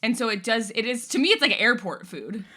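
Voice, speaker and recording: A woman's voice: a little high, a little fast. A woman co-hosting a podcast, chatting casually and animatedly, swearing freely. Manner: animated, swearing, slips into playful put-on voices. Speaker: podcast co-host. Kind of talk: casual chat.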